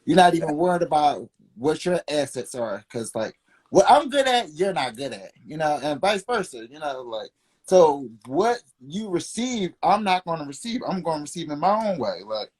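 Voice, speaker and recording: A man with a somewhat high voice talks through his ideas in a relaxed talk-show chat. He is reflective and rambling, laughing often and leaning on "like" between thoughts. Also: moderate pace, husky. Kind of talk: candid casual chat.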